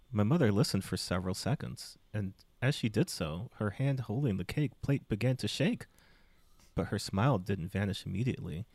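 A man's voice: on the low side, expressive, normal speed, a little mellow, no room sound. A man reading a book aloud as a podcast co-host, with playful emphasis. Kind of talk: comic read-aloud.

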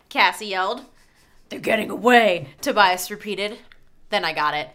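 A woman with a bright tone and a lively, varied pitch. She reads a story aloud in a casual group, laughing easily. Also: moderate pace. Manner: laughing, expressive reading. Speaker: podcast co-host reading aloud. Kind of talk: casual group reading with banter.

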